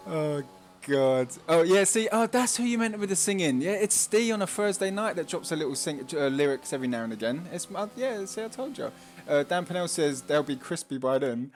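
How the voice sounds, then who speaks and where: A man's voice: fairly high pitch, animated, moderate pace. A man hosting a live esports racing stream in a chatty, casual way, often laughing and reading chat messages aloud. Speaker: stream host.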